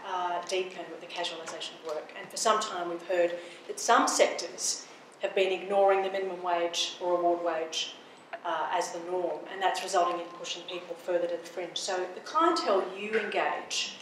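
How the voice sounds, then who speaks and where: A woman's voice: on the low side, steady tone, normal speed, a bit bright. A woman moderating a public panel, asking probing, inviting questions. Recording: echoey hall from far off, faint noise.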